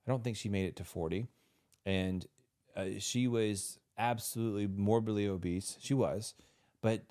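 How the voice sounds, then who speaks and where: A man with a lowish voice talks on a podcast in casual conversation. He is earnest and emotional, and he often restarts his sentences as he tells a personal story. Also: moderate pace, a little mellow. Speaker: podcast co-host.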